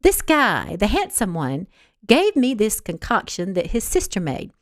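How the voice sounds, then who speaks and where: A woman's voice: mid-range voice, huge pitch swings, a little slow, no room sound, studio quality. A woman voicing a haughty, spoiled young woman who speaks in a snippy, condescending way. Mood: indignant.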